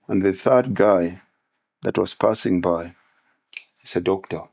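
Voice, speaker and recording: Man, very low voice, gravelly, podcast guest, parable-telling. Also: fairly even intonation, measured pace, long pauses, darkish tone. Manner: preaching in parables and analogies. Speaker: guest speaker on manhood. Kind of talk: podcast conversation with storytelling.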